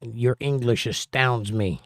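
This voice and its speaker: A man's voice: mid-range voice, slow, fairly bright tone, no echo, clean studio sound. A man hosting a live stream, reading chat aloud and answering with blunt, sarcastic put-downs.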